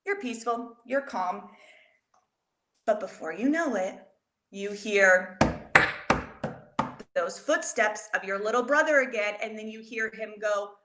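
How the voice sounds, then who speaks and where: Animated woman teaching kids, roomy sound. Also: mid-range voice, measured pace, pauses often, slight background noise. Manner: animated, expressive, talks directly to children. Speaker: educator teaching children. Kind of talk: storytelling lesson for kids. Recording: roomy echo.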